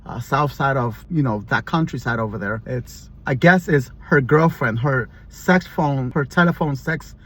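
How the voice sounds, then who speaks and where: A man's voice: medium pitch, moderate pace, few pauses, fairly bright tone. A man telling a long, rambling story to camera as a vlogger, with frequent restarts and fillers. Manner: talks in long run-on stretches with restarts and fillers.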